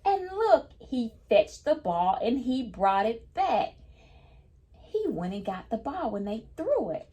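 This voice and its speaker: A woman's voice: on the high side, big pitch swings, takes it slowly, mellow, highs cut off. A woman reading a picture book aloud to children, patiently stopping to explain each new word in simple terms. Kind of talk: children's read-aloud lesson.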